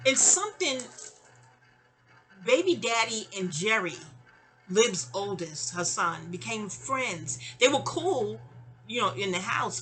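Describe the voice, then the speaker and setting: A vlogger in her fifties with a mid-range voice tells a long, rambling personal story. She's animated and digressive, peppering it with frequent exclamations.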